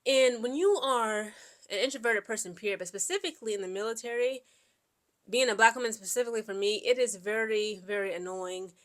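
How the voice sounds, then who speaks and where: A woman's voice: on the high side, a little fast. Chatty woman telling stories. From Central Ohio, USA. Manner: chatty and rambling, peppered with "like" and "okay?"; quotes people in lively back-and-forth. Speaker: Air Force veteran vlogger. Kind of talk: casual personal storytelling.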